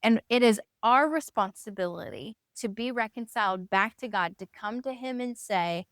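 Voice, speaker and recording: Woman, 30s, candid faith podcast host, animated storytelling, smooth and dry. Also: on the high side, moderate pace, no room sound. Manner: animated storyteller acting out quoted voices.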